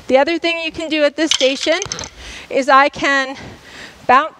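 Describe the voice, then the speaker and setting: A woman's voice: sits high, a bit bright, slight background noise, low-quality recording. A woman coach demonstrating tennis drills for a class in a school gym, explaining each step and checking in often. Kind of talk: instructional demonstration.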